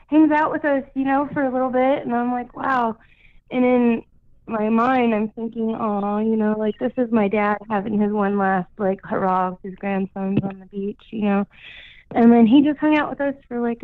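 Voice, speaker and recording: A woman's voice: on the high side, fairly even intonation, moderate pace, dry recording. A woman calling in to a radio show, telling a story casually, with lots of "like" and "you know". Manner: chatty, full of "like" and "you know". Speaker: caller. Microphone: phone. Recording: tinny phone line.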